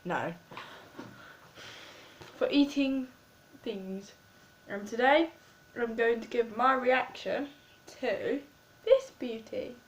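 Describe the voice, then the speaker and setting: A fairly high-voiced woman with an English accent talks through a casual tasting vlog. She rambles and pokes fun at herself in an easy, chatty way. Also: takes it slowly, pauses often, rough recording. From England. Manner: chatty, rambling and self-mocking. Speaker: vlogger.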